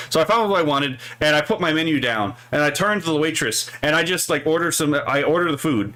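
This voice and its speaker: A man talking casually on a live stream, responding to viewer comments as he goes. He rambles loosely, keeps checking in with a quick "right?" and breaks into small chuckles between thoughts. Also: fairly high pitch, animated, sharp tone. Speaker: streamer reading chat.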